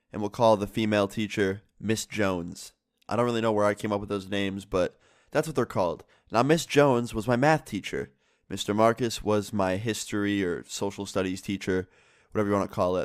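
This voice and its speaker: Sick young guy w a stuffed up nose, low voice, dry sound, rambling storytime full of likes and swears. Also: no room sound. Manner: rambling, profane, many fillers of "like". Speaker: YouTuber telling stories. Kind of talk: casual storytime vlog.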